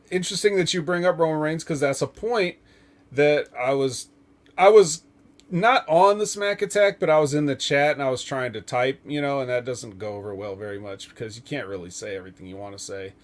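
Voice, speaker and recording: A man's voice: medium pitch, normal speed. A man hosting a casual wrestling talk podcast, rambling with lots of fillers and frequent chuckles. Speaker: podcast host.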